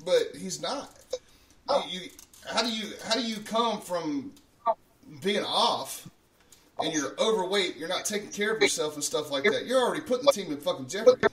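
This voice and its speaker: A man's voice: high-pitched, animated, normal speed, fairly bright tone, recorded from a distance, slight background noise. A man hosting a morning show in casual, profane chat, laughing often at his own jokes. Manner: swears freely, laughs often at himself.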